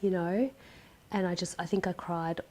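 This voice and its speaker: A slightly low-voiced woman tells her own story as a podcast guest. She acts out the people she quotes, and at the hardest parts her voice drops to a near-whisper. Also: fairly even intonation, moderate pace, dark tone. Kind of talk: personal storytelling interview.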